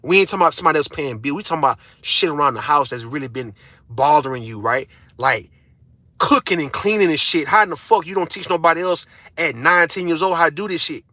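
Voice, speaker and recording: A man's voice: on the high side, lively intonation, fast talker, bright, forceful tone, no room sound. A father ranting to his audience in a casual monologue, blunt and profane, hammering his points with repeated phrases.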